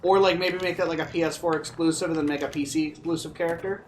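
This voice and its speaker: A man's voice: a little high, steady tone, fast, a little hiss or hum. A man chatting casually while watching a game stream, rambling with lots of filler words. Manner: rambling, filler-heavy storytelling. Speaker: guest streamer. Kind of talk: casual chat.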